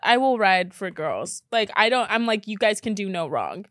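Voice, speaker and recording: A woman hosting a podcast in casual reaction chat, blunt and expressive, swearing casually. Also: medium pitch, normal speed, no echo, studio quality. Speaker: podcast host.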